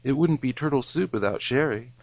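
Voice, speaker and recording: A man's voice: medium pitch, expressive, a little fast, no echo, poor audio. A man voicing a simpering, insistent male barman with a Southern US drawl. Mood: coaxing.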